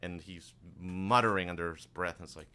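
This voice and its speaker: Deep-voiced male game master, crisp and bright. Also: a little fast. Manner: relaxed, hesitant narration with fillers. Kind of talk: narrating a tabletop game.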